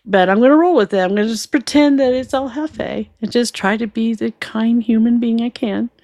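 A woman's voice: on the high side, normal speed, dark tone, dry recording, studio quality. A woman casually telling a personal story, swearing freely, laughing often and acting out both sides of a conversation.

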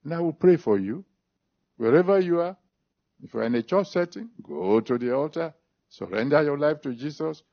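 A man's voice: a little high, animated, moderate pace. A man preaching a sermon, stressing and repeating scripture references, then leading an altar call and prayer. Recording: dull lo-fi recording.

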